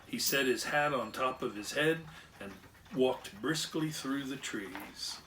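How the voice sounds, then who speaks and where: A man's voice: medium pitch, takes it slowly, a bit bright, recorded from a distance, a little hiss or hum. A man reading a children's story aloud with expression, acting out animal and machine sounds along the way. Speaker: storyteller and clockmaker.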